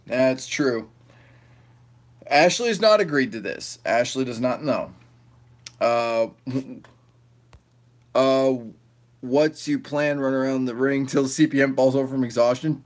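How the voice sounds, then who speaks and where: A man's voice: medium pitch, expressive, measured pace, long pauses. A man hosting a casual livestream, reading chat aloud and rambling loosely, often swearing and laughing.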